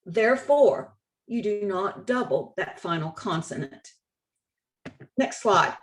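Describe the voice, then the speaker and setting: Slow, deliberate woman teaching spelling. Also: medium pitch, lively intonation. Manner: slow, deliberate, stresses key words and rules; repeats points for emphasis, occasional restarts. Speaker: state spelling contest director. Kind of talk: slide-based instructional presentation.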